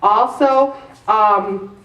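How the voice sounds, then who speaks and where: A middle-aged woman hosting a weight-loss show, giving chatty diet advice in an animated, exclamatory way and repeating words for emphasis. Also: mid-range voice, very slow, recorded from a distance. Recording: echoey room, voice from off mic.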